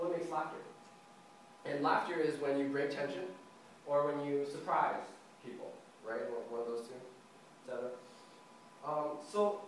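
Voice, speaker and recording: A young man giving a prepared club speech to a live audience, animated, acting out dialogues and laughing at his own jokes. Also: fairly high pitch, slight background noise. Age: young adult. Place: meeting room with a live audience. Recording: echoey room, mic from far off.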